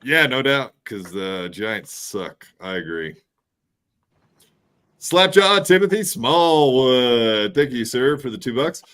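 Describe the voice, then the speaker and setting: A man's voice: mid-range voice, very animated, takes it slowly, a bit bright. A man hosting a podcast, asking teasing questions and cracking jokes in casual chat. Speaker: podcast host.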